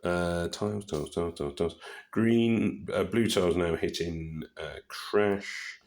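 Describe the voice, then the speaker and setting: A man giving casual commentary over his own puzzle game, relaxed and muttering to himself with frequent pauses and fillers. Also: low-pitched. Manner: relaxed, muttering asides with many ums. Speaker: gaming channel host.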